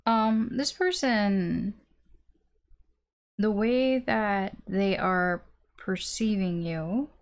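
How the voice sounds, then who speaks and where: Casting note: woman, tarot reader, mid-pitched, frank and chatty, quick to laugh. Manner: candid, chatty, laughs often and swears. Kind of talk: casual tarot reading.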